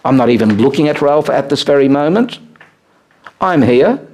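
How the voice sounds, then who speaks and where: Animated man teaching a class. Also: normal speed. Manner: animated, swooping pitch on key words, frequent "uh" fillers. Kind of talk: spoken teaching to a live group. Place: room with a small seated group.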